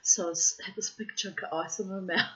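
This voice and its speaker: A woman's voice: mid-range voice, fairly even intonation, brisk, a bit bright. A middle-aged woman, telling a rambling anecdote in casual chat, full of asides. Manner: chatty and rambling, with frequent asides. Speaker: storyteller. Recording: dull lo-fi recording.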